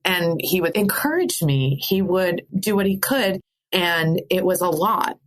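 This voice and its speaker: A middle-aged woman from the American Midwest, candidly telling a personal story of grief, animated and laughing through sadness. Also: lowish voice, measured pace. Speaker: podcast guest.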